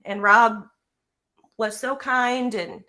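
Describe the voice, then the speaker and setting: Woman, bright sharp tone, shaky and emotional, heartfelt tribute, video call. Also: a little high, steady tone, slow. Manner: nervous, tearful, earnest. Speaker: guest speaker.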